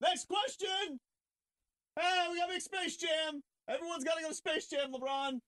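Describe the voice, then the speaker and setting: A man voicing a pushy male talk-show moderator who cuts in with abrupt, shouty topic changes in a raised, high voice. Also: fairly even intonation, moderate pace.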